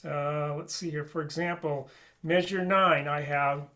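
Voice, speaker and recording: A man's voice: a little high, fairly even intonation, unhurried, bright, forceful tone. A man teaching an online flute lesson, explaining articulation and singing rhythms on syllables.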